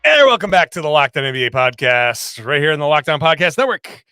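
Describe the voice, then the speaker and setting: A man hosting a casual sports podcast, talking quickly and jokingly with his co-host. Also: a little high, big pitch swings, pushed and bright, smooth, no room sound, clean studio sound, soft background music.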